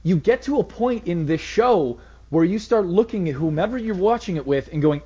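Husky-voiced male radio co-host. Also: high voice, very animated, normal speed, darkish tone, muffled recording. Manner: wry, incredulous storyteller. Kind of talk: casual talk radio chat.

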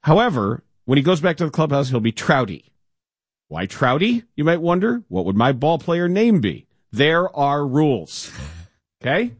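Animated man reading a sports column aloud. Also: fairly high pitch, moderate pace, breathy edge, no room sound. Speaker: radio co-host. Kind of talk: casual sports talk.

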